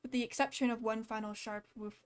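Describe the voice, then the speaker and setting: A woman's voice: fairly high pitch, steady tone, fairly quick, faint music behind. A woman casually reading a fan story aloud with a slight lisp, stopping now and then to laugh and comment. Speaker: fan fiction reader.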